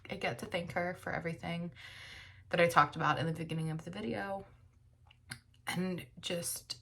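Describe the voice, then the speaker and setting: A woman's voice: fairly low pitch, steady tone, moderate pace, gravelly, a bit bright, breathy edge. A woman book vlogger talking casually at home, emotional and teary, rambling with lots of fillers. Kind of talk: casual personal reflection.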